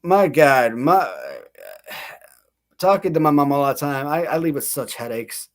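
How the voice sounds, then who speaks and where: A man's voice: on the high side, a little slow. A man in his thirties hosting a casual livestream, rambling and laughing at himself between stories. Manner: rambling, self-mocking, laughs often, many restarts. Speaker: channel host.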